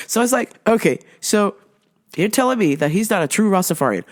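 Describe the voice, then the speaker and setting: A woman vlogger telling stories in a casual monologue, animated and often laughing, with exaggerated retellings. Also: mid-range voice, fairly quick.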